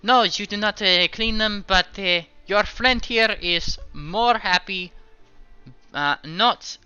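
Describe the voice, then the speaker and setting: A man's voice: very high-pitched, sing-song, moderate pace, bright, forceful tone, dull audio, faint music behind, voice pushed up, full character voice. A man voicing a stern, suspicious female hoofed creature who speaks formally with a put-on accent. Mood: suspicious, imperious.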